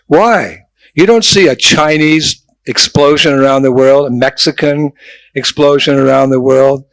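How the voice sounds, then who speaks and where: An older man preaches as a traveling monk, his voice sitting a little high for a man. He tells stories and throws in jokes and quick asides. The sound is dry and close, with little room. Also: dry recording, low-quality recording. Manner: lively storytelling with jokes and asides. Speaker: traveling monk giving a talk. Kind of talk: sermon to a youth festival.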